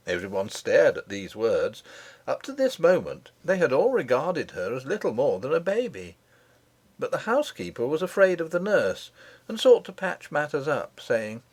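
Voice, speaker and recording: A man reading a children's fantasy novel aloud as an expressive storybook narrator. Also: medium pitch, moderate pace. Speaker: audiobook reader.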